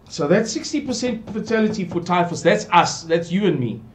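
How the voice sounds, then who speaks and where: High, lively man pleading. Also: moderate pace. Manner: pleading, repetitive, digressive. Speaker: channel presenter. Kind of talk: earnest monologue to camera.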